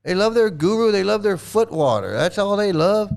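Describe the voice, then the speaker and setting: A man's voice: sits high, lively intonation, normal speed, creaky, darkish tone. A man ranting in angry commentary as a former member, profane and repetitive, restarting his sentences.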